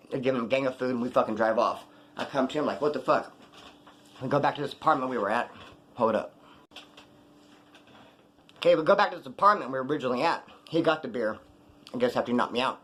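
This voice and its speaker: A man tells a story in a casual, streetwise way, swearing freely and staying animated. He talks fast and keeps momentum through every scene. His voice sits a little high for a man.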